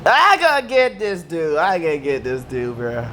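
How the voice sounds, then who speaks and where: A man's voice: on the high side, wildly swooping pitch, moderate pace, bright, forceful tone, a little hiss or hum. A man with damaged vocal cords, ranting in a rambling, repetitive, slangy way. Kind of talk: casual rant to camera.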